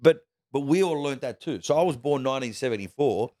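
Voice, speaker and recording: A man's voice: mid-range voice, fairly quick, dry recording. Man chatting with dry studio sound. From Australia. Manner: storytelling, relaxed and conversational. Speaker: guest comedian. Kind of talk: casual interview chat.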